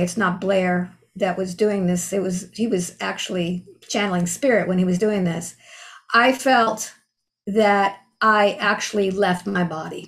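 A woman in her sixties telling a personal spiritual experience in a casual, earnest and heartfelt way. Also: medium pitch. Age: 60s. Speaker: storyteller sharing a spiritual experience.

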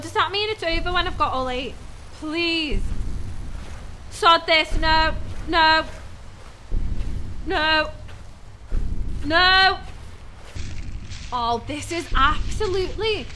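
Young woman, horror let's play host on headset; slow, lively delivery, jumpy, prone to shrieks and swearing. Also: very high-pitched, slight background noise. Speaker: gaming channel host. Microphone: gaming headset.

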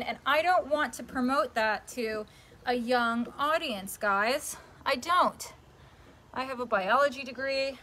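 A woman's voice: on the high side, a little slow, pushed and bright. A young woman chatting casually on a live stream while painting, mocking herself and talking to her dog and her viewers. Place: outdoors at home. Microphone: handheld phone camera. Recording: faint background noise.

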